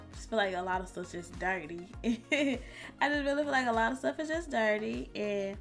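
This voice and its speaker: A woman's voice: fairly high pitch, lively intonation, measured pace, faint music behind. A woman streamer giving casual, blunt and exasperated commentary in colloquial speech. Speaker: reaction streamer.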